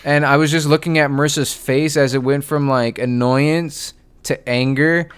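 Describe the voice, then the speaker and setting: A young podcast host tells a story in casual chat, laughing, swearing, and acting out what people said. His smooth voice is fairly high in pitch, steady in tone, and moderate in pace.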